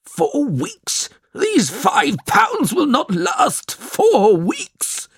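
A bad-tempered, ill old father bellows at a young visitor in a storybook reading, voiced by a man. His voice shoots high and swings widely, with a husky edge in a dry, close sound. He is scornful and loud. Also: huge pitch swings, slow pace, no room sound, exaggerated voice. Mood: angry. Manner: shouting, scornful.

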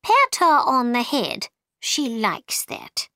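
A woman's voice: a little high, huge pitch swings, slow pace, pushed and bright, no echo, clean studio sound, voice pushed up, exaggerated voice. A woman voicing a bossy, boastful queen in a storybook, with a firm, know-it-all manner.

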